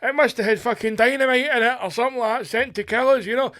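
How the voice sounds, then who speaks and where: A man voicing a panicky, foul-mouthed old man who shouts and blames a fly for everything. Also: very high-pitched, steady tone, fast, voice pushed up. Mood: frantic. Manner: shouty, paranoid, sweary.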